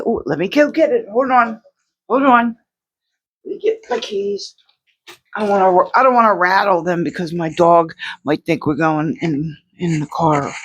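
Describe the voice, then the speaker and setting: A woman's voice: lowish voice, husky. A woman artist chatting to her viewers at home in a rambling, casual way, full of restarts and fillers. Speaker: outsider artist vlogger. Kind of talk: casual chat to camera.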